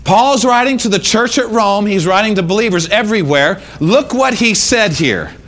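A man preaching a sermon in church, emphatic and repetitive, now and then breaking into shouts. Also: high-pitched, animated, normal speed. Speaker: pastor. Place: church sanctuary.

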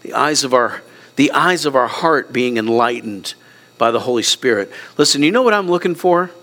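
A middle-aged man preaching a sermon as pastor, earnest and emotional, close to tears, swinging between soft passages and raised ones. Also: medium pitch, animated, moderate pace.

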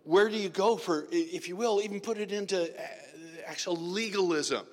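A man preaching a sermon in a conversational way, moving from loud emphatic questions to soft murmurs. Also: a little high, moderate pace, big-room sound. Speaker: pastor.

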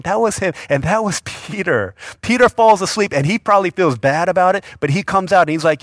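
A man's voice: on the high side, a little fast, hardly any pauses, no echo, clean studio sound. A man preaching a casual sermon, telling the story with slang and acting out the people in it. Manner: animated storyteller acting out voices. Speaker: youth pastor.

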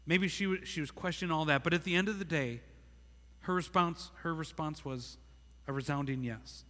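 A man's voice: on the high side, brisk, sharp tone. A man in his thirties preaching a sermon, earnest and repeating words, acting out the thoughts of the figures he reads about. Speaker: pastor. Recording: long hall reverb.

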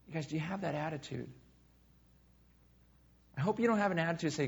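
A man preaching a sermon to a congregation, swinging between loud emphasis and hushed, quiet asides. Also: on the high side, fairly quick, breathy edge. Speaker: pastor. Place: room with a live congregation.

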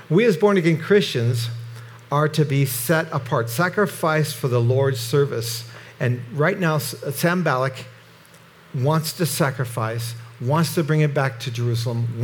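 A middle-aged man walks through scripture verse by verse, speaking in a relaxed, conversational way that often stalls and restarts. His voice sits somewhat high for a man. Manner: conversational, halting, with frequent restarts. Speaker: Bible teacher. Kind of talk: verse-by-verse Bible teaching.

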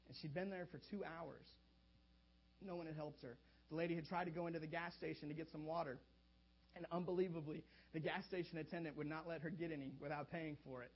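A man preaching a sermon as a pastor, animated and swinging between hushed and loud delivery, on a dull lo-fi recording. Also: a little high, breathy edge.

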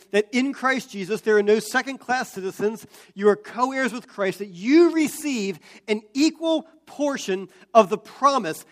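A man preaching a sermon as pastor, explaining scripture and building to loud, emphatic peaks. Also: high voice.

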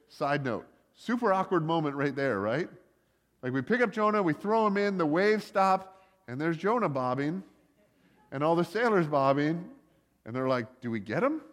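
Man preaching with casual jokes, hall reverb. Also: on the high side. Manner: conversational, joking asides, many likes and uhs. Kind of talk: casual sermon storytelling.

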